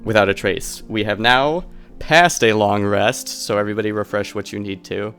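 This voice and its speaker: A man's voice: on the low side, moderate pace, a bit bright, soft background music. A man narrating a tabletop game as game master, with a hesitant delivery full of fillers.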